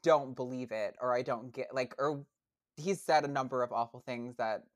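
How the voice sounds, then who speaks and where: This young woman's rumbling low voice has fairly even intonation and a moderate pace. In a casual interview chat as a podcast guest, she often falters, restarting and filling gaps.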